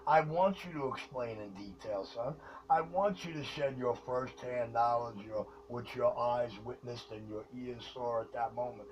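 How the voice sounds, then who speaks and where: A man's voice: mid-range voice, unhurried. A man speaking over CB radio in a formal, declaiming, lecturing manner. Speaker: CB radio caller. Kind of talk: pompous radio announcing. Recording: muffled distant radio, hiss.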